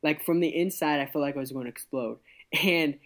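A young man, a youth pastor, telling his story in a casual interview, earnest and halting with many restarts. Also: on the high side.

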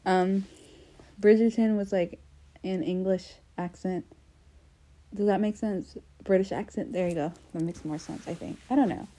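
This young podcaster from the US has a warm, medium-pitched voice with fairly even intonation and a moderate pace. Hosting solo and casually, she's self-deprecating and chatty, with lots of fillers and restarts.

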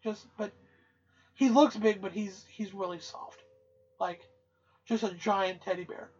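A woman co-hosting a podcast, telling a rowdy anecdote in loose, profane, animated casual chat. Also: medium pitch, unhurried. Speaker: podcast co-host. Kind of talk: casual storytelling. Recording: dull, muffled audio.

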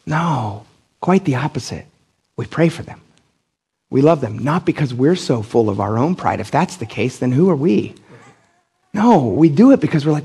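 A man's voice: medium pitch, lively intonation, normal speed, gravelly, dark tone, slightly rough. A middle-aged man from Pennsylvania preaching a casual, blunt sermon as pastor, acting out the people he quotes with big jumps in his voice. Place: church.

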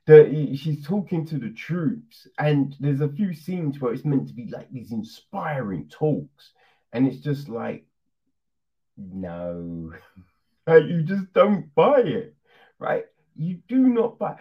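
A man's voice: fairly high pitch, lively intonation, takes it slowly. A man casually reviewing a film on his channel, laughing, swearing and throwing in lots of rhetorical asides. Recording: dull lo-fi recording.

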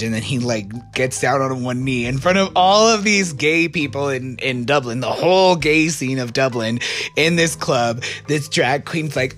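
A man's voice: medium pitch, unhurried, fairly bright tone, faint music behind. An American man casually telling a personal story, rambling and correcting himself with lots of fillers. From United States.

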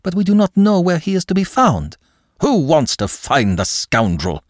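A man's voice: sits low, big pitch swings, takes it slowly, breathy edge, no room sound, clean studio sound, full character voice. A man voicing a stern, angry older uncle who speaks harshly and dismissively. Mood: scornful.

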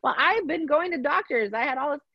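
A middle-aged woman telling a personal story in conversation, animated and acting out the voices of others, laughing often. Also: sits high, fairly quick, no echo. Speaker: podcast guest. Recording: dull, dry sound.

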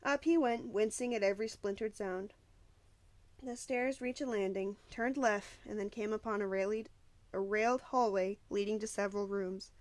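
A woman reads a novel aloud with steady, even storytelling and the odd small slip. Her voice sits mid-pitch. The recording is dry and close, with little room sound. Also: moderate pace, no room sound. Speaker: audiobook narrator.

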